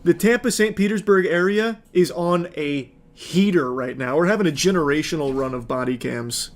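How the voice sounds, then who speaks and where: A man's voice: on the high side, normal speed, a little hiss or hum. A man giving casual reaction commentary with sarcastic jokes and laughing asides.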